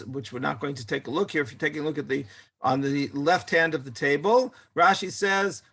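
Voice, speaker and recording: A male rabbi leading a Torah study class with a fairly high, bright, forceful voice. He thinks aloud as he goes, often stopping and restarting his sentences. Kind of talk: text-study lecture.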